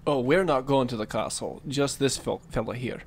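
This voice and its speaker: Man doing a gruff, blunt adventurer. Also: medium pitch, moderate pace, over a noisy crowd, natural voice. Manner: gruff and direct, says aye and lad.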